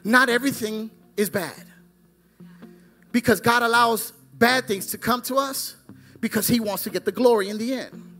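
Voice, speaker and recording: A male pastor preaching a fervent sermon, swinging between loud exclamations and hushed asides. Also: very high-pitched, moderate pace, soft background music.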